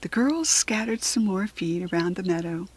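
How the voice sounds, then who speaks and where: An American woman reading a children's storybook aloud with clear, expressive storytelling. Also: on the low side, normal speed. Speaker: children's book reader.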